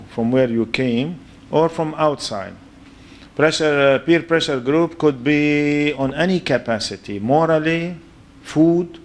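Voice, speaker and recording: A man with a foreign accent giving a storytelling religious lecture and checking in with his listeners. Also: on the high side. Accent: foreign accent in English. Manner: anecdotal, checks in with listeners with "huh?".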